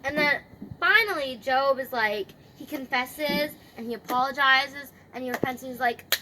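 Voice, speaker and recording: A woman's voice: high-pitched, normal speed, background noise. A woman retelling a scripture story in casual, slangy chat. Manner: chatty, slangy, filler-heavy.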